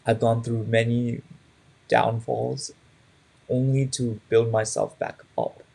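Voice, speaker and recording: A man's voice: medium pitch, little pitch movement, slow, vocal fry, mellow. A young man in his twenties teaching a public speaking class in a conversational way, often checking in with "right?". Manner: conversational, frequent "right?" tags.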